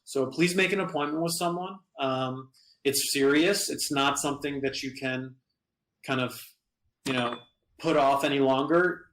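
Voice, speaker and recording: A man's voice: mid-range voice, steady tone, moderate pace, fairly bright tone. A male therapist talks on a podcast, earnest and direct, with frank urging advice. His voice carries a roomy echo around it. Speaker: therapist guest. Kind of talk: casual podcast talk.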